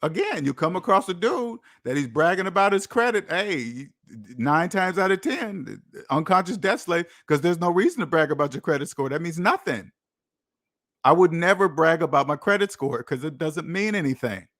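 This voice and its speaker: A man's voice: fairly high pitch, animated, moderate pace, fairly bright tone, dry recording, studio quality. A man hosting his own channel, giving a repetitive, emphatic casual monologue. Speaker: channel host.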